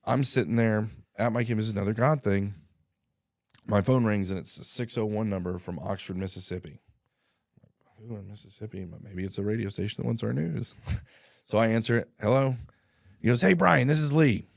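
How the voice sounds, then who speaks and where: A man telling his life story in a casual interview, animated, acting out dialogue and often clearing his throat. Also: on the low side, no room sound, studio quality. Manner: animated, acts out dialogue with quick voice shifts; frequent throat clearing and restarts.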